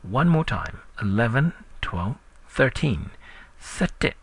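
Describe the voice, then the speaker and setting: A man teaching a recorded language lesson, drilling words slowly and patiently. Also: slightly rough, no echo. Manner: slow, patient drilling with lively pitch.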